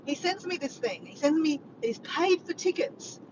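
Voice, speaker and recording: A woman with an Australian accent chatting excitedly to her viewers in a casual vlog, calling them guys. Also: extremely high pitch, moderate pace. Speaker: vlogger. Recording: dull lo-fi audio with clear background noise.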